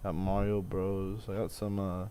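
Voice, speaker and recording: A man's voice: low-pitched, monotone, unhurried, dark tone, a little hiss or hum. A man in his twenties venting in a rambling, profane vlog with many restarts. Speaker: vlogger.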